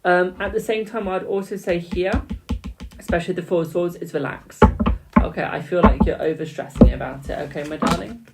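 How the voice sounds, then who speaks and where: A man's voice: sits high, steady tone, fairly quick, vocal fry, loud music behind the voice, poor audio. A man in his twenties on a live stream reading tarot cards, chatty and teasing, calling every viewer "my darling". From United Kingdom. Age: 20s. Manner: chatty, calls viewers "my darling", laughs and teases. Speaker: tarot reader. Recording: loud keyboard clicks and typing.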